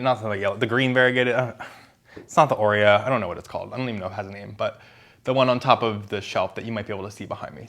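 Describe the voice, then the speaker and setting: A man chatting casually to camera at home about his houseplants, rambling and correcting himself as he goes. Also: medium pitch. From Philadelphia area. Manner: rambling and self-correcting, with small laughs. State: out of breath. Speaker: plant vlogger. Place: home apartment indoors.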